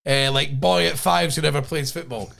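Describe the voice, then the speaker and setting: A man's voice: on the high side, fairly even intonation, normal speed, vocal fry, fairly bright tone. A Scottish man co-hosting a football podcast in casual, swearing banter. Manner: laughing, swearing, mock impressions. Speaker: podcast co-host. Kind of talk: casual chat.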